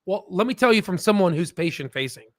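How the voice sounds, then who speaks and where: A man with a high voice talks through stock news casually and loosely, drifting into jokes and checking in with "right?". The sound is dry and close. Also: expressive, fast, dry recording. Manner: rambling, jokey, keeps asking "right?". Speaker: stock market video host.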